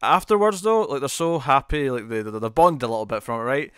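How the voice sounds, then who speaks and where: A man of ordinary pitch co-hosts a casual TV review podcast. He talks in quick bursts, restarts and repeats words. The sound is dry and close, with no room. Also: smooth, dry recording. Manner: animated, repeats words, many fillers and restarts. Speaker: podcast co-host. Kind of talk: casual chat reviewing TV episodes.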